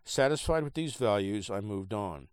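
A man hosting a podcast, reading a trade article aloud in a halting, casual way with many fillers, and he has the hiccups. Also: fairly low pitch, lively intonation, smooth, dry recording. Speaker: podcast host.

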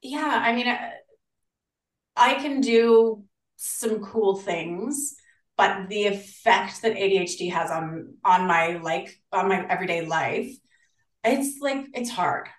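Australian woman, podcast guest, animated, acts out quotes, echoey room, set back from the mic. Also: medium pitch, takes it slowly. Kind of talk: casual interview chat. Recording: roomy, distant from the mic.

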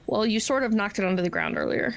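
A woman's voice: mid-range voice, wildly swooping pitch, fast talker, gravelly. A woman narrating as game master, chatty and filler-heavy, laughing often.

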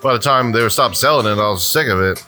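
Laid back guy on a podcast, mid voice, music loud behind him. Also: lowish voice, fast talker. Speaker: podcast co-host. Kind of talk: casual chat.

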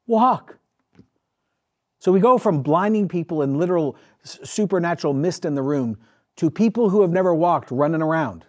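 A male pastor preaching a sermon, telling a story with emphatic, animated delivery. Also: on the high side.

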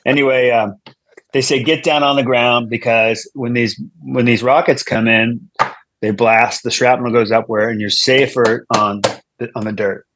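A man's voice: mid-range voice, steady tone, normal speed, a bit bright, dry recording. A man, a comedian guest, telling a long story in casual chat, rambling with restarts and asides.

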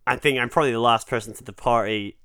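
A man's voice: medium pitch, fast, a bit bright, clean tone, no room sound, clean studio sound. A Scottish man co-hosting a podcast in casual chat, joking, swearing freely and laughing often. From Scotland. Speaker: podcast co-host.

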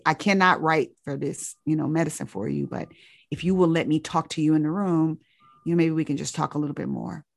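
Low woman, earnest storyteller, dry close sound, physician recounting a patient. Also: vocal fry, husky, no echo. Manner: earnest, searching, with many restarts. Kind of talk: reflective storytelling.

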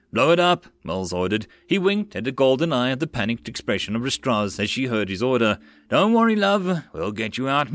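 A man narrating a web novel as an audiobook, steady storytelling. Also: medium pitch, no room sound.

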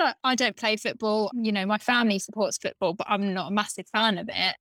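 A young woman co-hosting a podcast in casual chat, giggly and animated when quoting people. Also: medium pitch, a little fast, no room sound. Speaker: podcast co-host.

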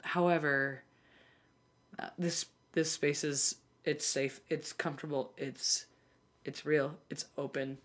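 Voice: mid-range voice, steady tone, takes it slowly, fairly bright tone. Picture a podcast co-host in an open, heartfelt chat. The voice sits in a middle register and talks earnestly, rambling along with plenty of likes and ums. It sounds like someone sharing personal things with listeners. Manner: rambling, earnest, filler-heavy. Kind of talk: candid casual chat.

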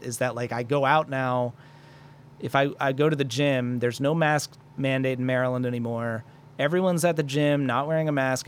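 A young man hosts a solo podcast on a studio microphone, his mid-range voice backed by slight background noise. He rambles and swears while venting, joking at his own expense in a profane, self-deprecating way.

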